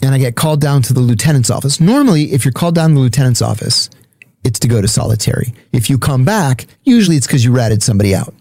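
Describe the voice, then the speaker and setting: A man's voice: medium pitch, animated, quick pace, darkish tone, dry recording, clean studio sound. A man speaking as a guest, telling a story in a blunt, profane, matter-of-fact way. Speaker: podcast guest. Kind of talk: casual storytelling.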